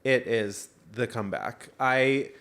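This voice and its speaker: Man, podcast co-host, casual chat, animated storytelling, fillers and restarts. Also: medium pitch, slow pace, vocal fry. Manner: animated storyteller, many fillers and self-interruptions.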